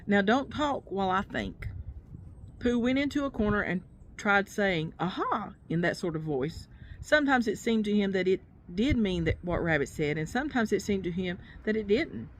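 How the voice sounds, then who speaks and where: Woman reading aloud at home-video level, mid-pitched, casual, with small asides. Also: expressive, a little hiss or hum. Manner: casual, pauses to comment on the book. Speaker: storybook reader.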